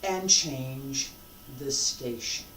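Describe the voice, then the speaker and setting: A martial arts instructor teaching a live class, emphatic and repetitive, swinging between loud and hushed. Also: medium pitch, drawn-out words, slight background noise. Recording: roomy sound from a distant mic.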